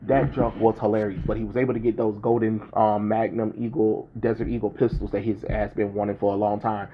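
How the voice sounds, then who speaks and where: A man's voice: on the low side, little pitch movement, fairly quick, a little hiss or hum. A young man casually recapping a film's plot, rambling with many ums and restarts. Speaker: movie reviewer. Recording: dull lo-fi recording.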